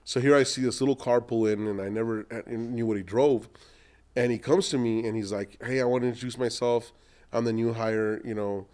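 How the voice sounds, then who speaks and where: A middle-aged man, an entrepreneur, telling long animated anecdotes in a podcast interview and acting out what other people said. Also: mid-range voice, a little fast, clean tone. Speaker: entrepreneur guest.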